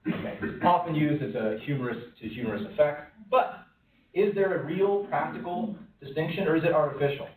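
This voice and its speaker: A man's voice: a little high, brisk. Man lecturing in a roomy space. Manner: questioning, lively, acts out quoted voices. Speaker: speaker at a lunch-and-learn talk. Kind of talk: conversational presentation to an audience. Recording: roomy, from a distance, faint room noise.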